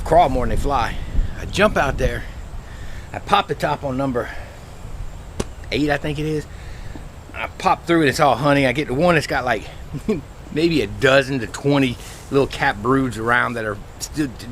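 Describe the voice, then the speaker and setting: A man, a beekeeper telling a rambling, folksy story outdoors in his bee yard, his voice a little squeaky from the dry air. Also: a bit bright, a little hiss or hum. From Louisiana, USA. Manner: chatty, folksy, rambling with restarts. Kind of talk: casual vlog storytelling.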